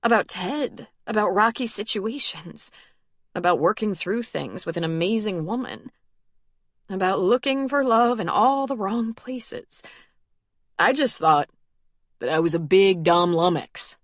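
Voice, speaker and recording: A woman's voice: mid-range voice, lively intonation, a little slow, no echo, studio quality. A woman voicing a teary, meddling sister. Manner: pointed, teary, a bit bossy. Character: emotional, meddling pregnant older sister. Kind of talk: audiobook character reading.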